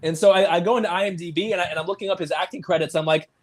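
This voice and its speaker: A man co-hosting a casual movie discussion podcast, animated and quick to laugh, often stumbling over his words. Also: high voice. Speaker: podcast co-host.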